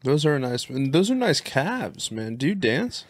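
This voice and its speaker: Male guest type, middle pitch, meandering sincere talker, dry room. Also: very animated, measured pace, no echo. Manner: earnest, rambling, loses his thread. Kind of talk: casual comedic chat.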